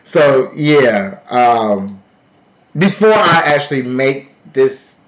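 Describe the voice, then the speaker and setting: Loud playful man hosting a live stream. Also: mid-range voice, big pitch swings, very slow, dull audio. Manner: loud, playful, talks to chat. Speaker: livestream host. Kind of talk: casual live stream pitch.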